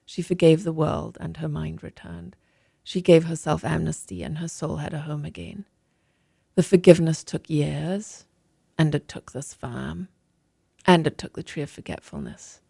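A woman reads from her memoir with a lowish voice and a gravelly edge, taking deliberate, expressive pauses. The sound is dry and close, with no room around it. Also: no room sound. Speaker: author and guest. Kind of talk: memoir reading and interview talk.

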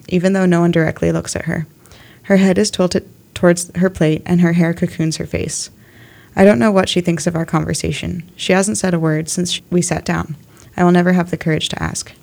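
A young woman of eighteen reading her own literary essay aloud in a steady, measured way. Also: fairly low pitch, creaky. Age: young adult.

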